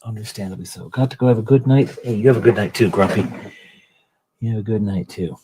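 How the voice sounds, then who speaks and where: A man's voice: lowish voice, fast, warm tone, slight background noise. A middle-aged man hosting a livestream, painting miniatures and chatting in a rambling way while greeting viewers by name. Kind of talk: casual livestream chat.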